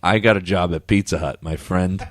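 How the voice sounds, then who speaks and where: A man's voice: low voice, moderate pace, a bit bright, slight background noise. A man, a comedian, telling blunt, self-mocking stories in casual chat.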